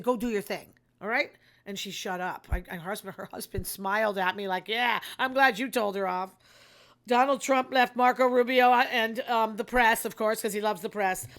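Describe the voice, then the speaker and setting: A woman's voice: on the high side, a bit bright. An older woman, hosting a casual monologue in a blunt, rambling, self-deprecating way. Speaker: host.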